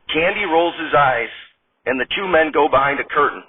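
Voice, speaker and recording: Husky man reading a sketch over a tinny line. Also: a little high, normal speed. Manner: reads stage directions and all parts in one flat voice. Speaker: sketch narrator. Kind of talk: deadpan read-aloud comedy sketch. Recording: tinny phone-like audio.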